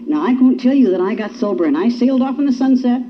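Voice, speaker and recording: A woman's voice: a little high, animated, quick pace, a little hiss or hum. A woman giving a personal testimony at a recovery meeting. She tells her story in a folksy way and acts out the quotes. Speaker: speaker sharing at a recovery meeting. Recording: dull lo-fi recording.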